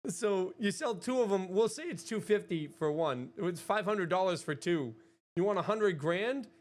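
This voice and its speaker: A woman's voice: medium pitch, lively intonation, moderate pace. A woman streamer in casual livestream chat, rambling, swearing freely and laughing a lot. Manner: rambling, chatty.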